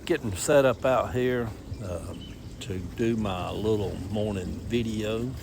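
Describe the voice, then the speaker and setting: A man's voice: fairly low pitch, slow, background noise. A man in his seventies with a Southern American accent, talking in a rambling, folksy way in a casual vlog, out in his garden. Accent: Southern American, Atlanta Cabbagetown dialect. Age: 70s. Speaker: social media storyteller. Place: outdoors in a backyard garden.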